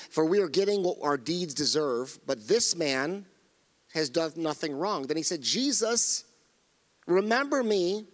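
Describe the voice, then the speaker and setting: In a church sanctuary with big-room sound, a middle-aged male pastor preaches a sermon with earnest emphasis. His voice is a little high, and he often repeats phrases and restarts sentences.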